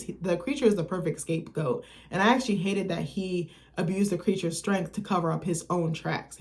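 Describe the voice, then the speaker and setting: A woman's voice: lowish voice, a little mellow. A young woman retelling a film's plot at home, rambling with many fillers, swearing freely and slipping into little voices for the characters. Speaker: vlogger reviewing a film. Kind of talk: casual chat, retelling a plot. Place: at home by her computer.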